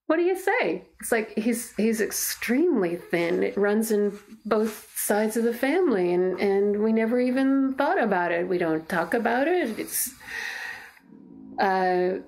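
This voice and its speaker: Creaky-voiced mother, earnest and halting. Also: mid-range voice, expressive, darkish tone, a little hiss or hum. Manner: earnest, halting, reflective storytelling. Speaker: mother telling her story. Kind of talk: documentary interview testimony. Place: in her own home.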